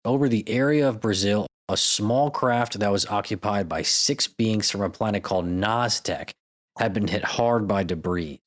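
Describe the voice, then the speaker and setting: A man's voice: on the low side, normal speed. A man hosting a podcast, reading out stories with irreverent, profane, jokey asides. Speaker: podcast host. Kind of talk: comedic podcast narration.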